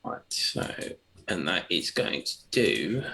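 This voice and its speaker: A man playing a tabletop game, working through dice rolls and damage in a relaxed, mumbling way. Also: low voice, a little hiss or hum. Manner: slow, gravelly, mumbling over dice maths. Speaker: player. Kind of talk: tabletop game play, casual chat.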